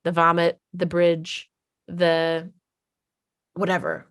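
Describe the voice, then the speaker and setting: A woman's voice: lowish voice, fairly even intonation, normal speed, no echo. Dry-voiced woman coaching parents. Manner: earnest, conversational, often acts out quoted voices. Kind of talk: explanatory talk to camera.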